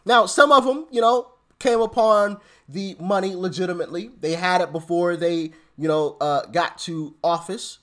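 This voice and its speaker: A man's voice: sits high, moderate pace, hardly any pauses, a bit bright. A man hosting a political commentary channel, ranting sarcastically and stammering as he repeats himself.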